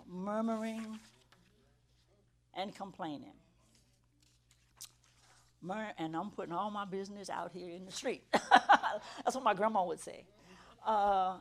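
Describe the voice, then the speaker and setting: Middle-aged woman preaching a personal testimony, earnest storyteller who swells to emphatic highs. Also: vocal fry. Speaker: church teacher giving testimony to students. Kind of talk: testimony sermon.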